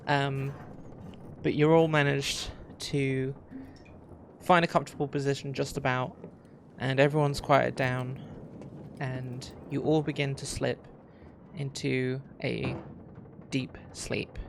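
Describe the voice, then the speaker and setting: A man's voice: medium pitch, flat delivery, slow pace, creaky, pauses often, a little hiss or hum. A man narrating a tabletop pirate adventure as game master, with lots of "um" and "like" as he describes the scene. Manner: hesitant, filler-heavy narration. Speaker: dungeon master.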